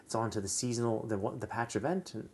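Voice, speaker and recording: A man's voice: medium pitch, fast, breathy edge. A man streaming a game live, rambling in casual commentary with many fillers, restarts and casual swearing.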